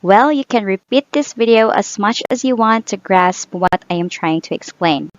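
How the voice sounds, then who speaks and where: A woman's voice: medium pitch, expressive, moderate pace, dry recording. A woman teaching English vowel sounds, saying each example word twice and drawing the sounds out carefully. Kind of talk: slow phonetics lesson. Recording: dull, dry sound.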